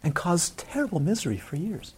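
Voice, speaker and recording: A man's voice: high voice, sing-song, brisk, a little hiss or hum. A man teaching a Buddhist dharma talk to a live audience, in a conversational way with frequent questions to the listeners.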